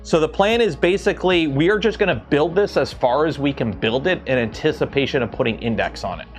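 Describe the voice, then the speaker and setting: A man's voice: a little high, expressive, fairly quick, soft background music. A man streaming live from his workshop, chatting casually and thinking aloud as he builds a 3D printer. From Canada.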